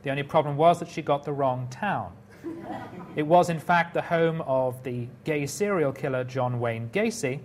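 A man giving a prepared public talk, telling stories in a wry way with dry humor. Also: fairly high pitch.

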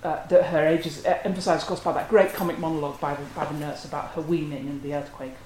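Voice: mid-range voice, little pitch movement, quick pace, a little mellow, a little hiss or hum. A lecturer giving an academic talk in a scholarly, analytical manner. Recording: roomy echo.

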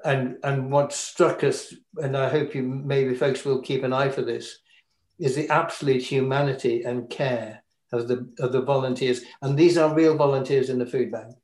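A man talking an audience through a scene from his film, halting and full of restarts. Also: medium pitch, fairly even intonation, a little mellow. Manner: halting, many restarts and ums. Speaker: filmmaker discussing his film. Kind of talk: talk with an audience. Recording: echoey room.

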